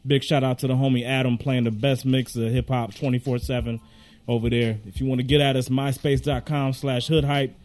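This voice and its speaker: A man co-hosting a casual hip hop podcast, laid-back and slangy, running through tracks and shout-outs. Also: mid-range voice, little pitch movement, fairly quick. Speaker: podcast co-host.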